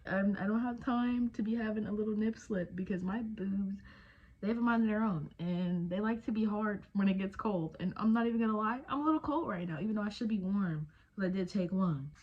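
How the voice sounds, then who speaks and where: A woman's voice: mid-range voice, brisk, breathy edge, muffled recording. A woman, chatting casually and jokingly at home while doing her makeup. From Texas. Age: 20s. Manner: chatty, slangy, jokey, with trailing fillers. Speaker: beauty vlogger. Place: home, indoors.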